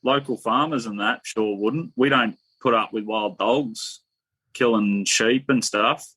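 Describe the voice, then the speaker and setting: A man's voice: mid-range voice, unhurried, pushed and bright, breathy edge, no echo, low-quality recording. A man talking bluntly and with strong opinions in a casual podcast chat, filling his talk with "and that". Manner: blunt, opinionated, drawling fillers. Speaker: podcast guest.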